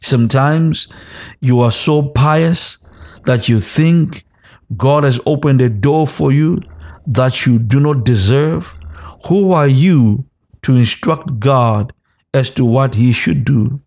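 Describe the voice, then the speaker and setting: A man preaches in a slow, deliberate cadence, repeating short commands again and again. His pitch sits in an ordinary middle range and often lifts into a half-sung chant. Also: darkish tone. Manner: repetitive exhortation, rising into sung cadence; speaks in tongues between exhortations. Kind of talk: sermon.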